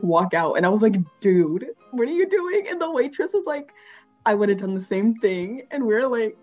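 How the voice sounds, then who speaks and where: A woman's voice: medium pitch, dark tone. A teenage girl co-hosting a podcast, chatty and giggly as she tells a story about ordering food. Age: teens. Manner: giggly, chatty, acts out quotes. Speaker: podcast co-host. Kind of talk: casual chat, storytelling. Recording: slightly dull lo-fi sound.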